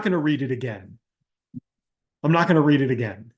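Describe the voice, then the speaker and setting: A man's voice: a little high, a little fast, pauses often. A man coaching an online class in a live Q&A, ranting with exasperation and mimicking people in mocking quotes, then walking through a screen-share demo. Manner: calmer screen-share tutorial delivery. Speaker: business coach hosting a live Q&A.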